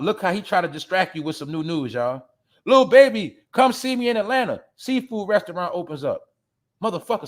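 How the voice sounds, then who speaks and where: High-voiced man ranting bluntly. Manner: profane, blunt, addresses listeners as y'all; laughs at his own jabs. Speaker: show host. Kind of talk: ranting commentary.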